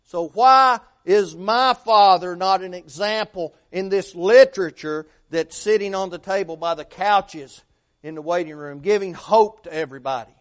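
High-voiced man preaching, loud then hushed. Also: normal speed. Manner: rhetorical questions, swings from loud to hushed. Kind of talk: sermon.

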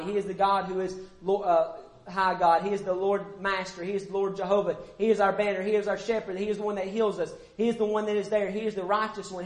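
A man preaching a sermon, emphatic and repetitive, with pauses and self-corrections. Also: sits high.

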